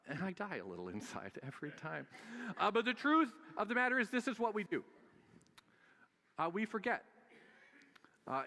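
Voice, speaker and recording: A man's voice: high voice, pushed and bright, in a large hall. A man preaching a sermon as pastor, conversational and joking, with frequent filler sounds.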